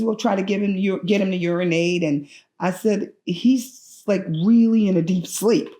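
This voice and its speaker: A middle-aged woman, a patient's mother, recounts a personal story in an anxious, animated way and acts out other people's lines. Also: mid-range voice, moderate pace. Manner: anxious and urgent, frequent restarts.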